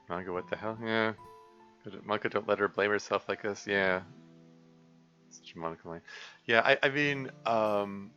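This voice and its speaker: A man reading his own visual novel game aloud and commenting, halting and full of fillers. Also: on the low side, bright, forceful tone, lo-fi sound, soft background music. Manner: halting, filler-heavy, self-interrupting. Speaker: game mod developer and reader.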